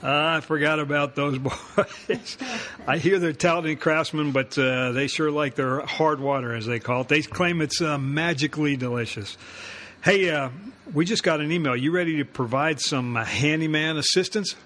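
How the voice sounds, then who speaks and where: A man co-hosting a home-improvement radio show, easygoing and quick to laugh, reading listener mail. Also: a little high, a bit bright. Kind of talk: scripted comedy banter.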